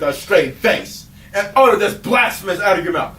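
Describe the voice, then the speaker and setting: A man hosting a comedic sports prediction show who swings into exaggerated, shouted mock outrage. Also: high voice, expressive, moderate pace, hardly any pauses, a little hiss or hum. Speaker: host. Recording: echoey room.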